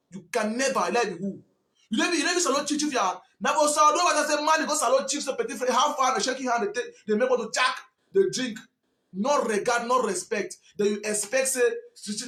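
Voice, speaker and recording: A man with a Cameroonian Pidgin English accent delivers a fiery, scolding monologue and keeps repeating himself for emphasis. His voice sits very high. The room adds a clear echo. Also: pushed and bright. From Southwest Cameroon. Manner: preachy, repetitive, scolding. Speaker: commentator. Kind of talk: impassioned monologue.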